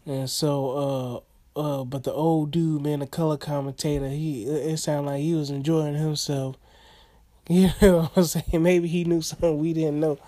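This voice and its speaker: A man's voice: on the high side, little pitch movement, moderate pace, mellow. A man casually recapping a boxing fight in rambling, slangy talk full of fillers and chuckles.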